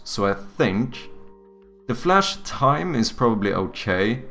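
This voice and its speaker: A man's voice: sits low, fairly bright tone. A man live-streaming game development, thinking aloud in casual chat and swearing freely. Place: home streaming setup.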